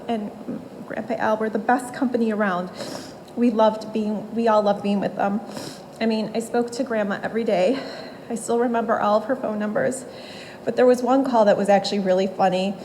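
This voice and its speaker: A woman's voice: fairly high pitch, a little mellow, slight background noise, rough recording. A woman in her forties giving a eulogy for her grandmother in a funeral home room, telling fond stories and laughing between memories.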